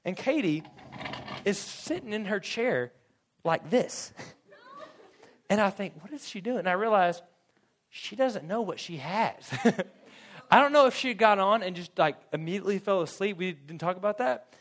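A young man with a drawl preaches in a lively storytelling way, his slightly high voice jumping around as he laughs through his own story. He acts out little bits of dialogue as he talks to the room. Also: unhurried, pauses often. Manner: animated storytelling, laughs often, acts out quotes. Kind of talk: sermon with humorous personal story.

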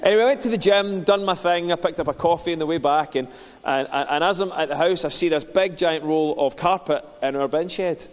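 Storytelling preacher in a hall. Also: male voice, on the high side, a little fast. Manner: conversational, self-deprecating storyteller. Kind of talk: sermon with storytelling. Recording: reverberant hall.

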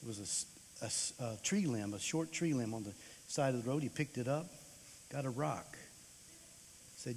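A man in his sixties gives an animated storytelling sermon in a chapel, swinging between loud bursts and hushed tones. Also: mid-range voice, normal speed, pauses often, slight background noise. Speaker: chapel speaker. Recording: long hall reverb.

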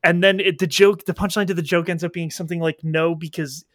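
A man chatting casually as a podcast co-host, reviewing a film in an animated, profane way and acting out his reactions. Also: a little high, fast, no echo. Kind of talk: casual movie review chat. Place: indoors at home, rain outside.

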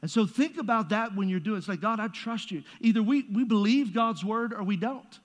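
Speaking as pastor, a man delivers a sermon in a chatty, joking style, tossing playful asides to the congregation. His voice is high-pitched and brisk, and a large hall's long reverb surrounds it.

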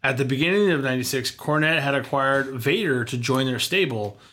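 A man's voice: mid-range voice, a little fast, a bit bright. A man hosting a casual chat show, reading prepared notes and dropping wry quips. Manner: wry, reads facts with quips. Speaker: podcast host.

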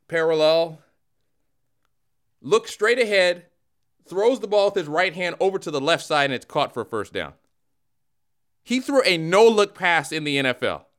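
A man hosting a casual comedic sports talk show, animated and teasing. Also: fairly high pitch. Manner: animated, teasing, mock-dramatic. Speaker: podcast host.

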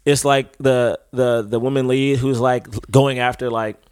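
A man chatting as a podcast guest, an animated comedian who jokes and acts out bits as he talks. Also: medium pitch, unhurried, clean tone. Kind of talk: casual podcast chat.

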